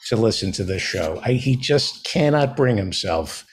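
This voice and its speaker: A man's voice: lowish voice, expressive, normal speed, breathy edge. A man hosting a comedic talk show, chatty and playful, repeating and spelling out his plugs.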